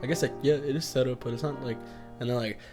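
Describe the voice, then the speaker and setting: A man's voice: mid-range voice, fairly even intonation, fast talker, music in the background. A young man co-hosting a podcast, joking around and slipping into goofy bits. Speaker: podcast co-host. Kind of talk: casual chat.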